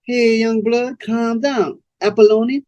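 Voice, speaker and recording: A man voicing a smooth, cold-hearted male pimp who talks in a slow, cool, menacing drawl. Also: very high voice, fairly even intonation, a little mellow, no room sound, muffled recording, voice pushed up.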